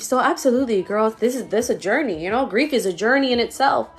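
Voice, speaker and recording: A woman with a slightly high voice gives a psychic reading on a live stream, talking into her phone. She speaks in a casual, slangy way, swears freely and addresses the viewer directly. She is open about her feelings as she reads. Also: lively intonation, fast, hardly any pauses. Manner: emotional, laughs often while reading. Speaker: psychic medium.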